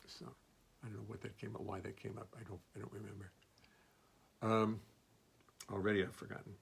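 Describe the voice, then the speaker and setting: A man who sings and plays bass, chatting casually between songs in his studio in a rambling, wry, self-mocking way. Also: flat delivery, a little fast, gravelly, husky. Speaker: singer and bassist. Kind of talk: casual between-song chat at a live stream. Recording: loud bass under the voice. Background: his own double bass playing.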